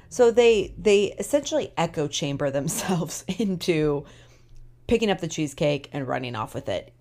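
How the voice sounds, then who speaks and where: A woman co-hosting a podcast, recapping a TV episode in a casual, animated way with emphatic opinions; she is tired. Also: deep voice. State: tired, yawning. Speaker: podcast co-host.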